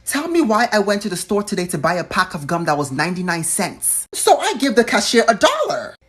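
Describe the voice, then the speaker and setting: Sassy woman, indignant storytime, husky, swooping pitch. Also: wildly swooping pitch, fairly quick. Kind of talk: storytime video.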